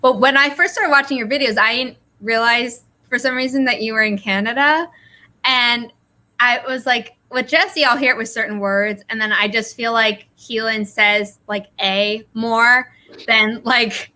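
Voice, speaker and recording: A woman's voice: on the high side, normal speed. A woman from the United States hosting a casual chat, telling rambling stories. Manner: rambling, animated storyteller. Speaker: host.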